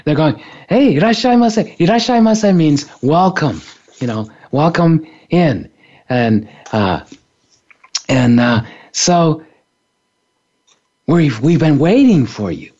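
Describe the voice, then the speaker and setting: A man's voice: mid-range voice, lively intonation, slow, long pauses, darkish tone, breathy edge, muffled recording. A man, an author and spiritual teacher, giving a playful, reflective talk on a radio show and laughing often. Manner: playful, laughs often, acts out little scenes.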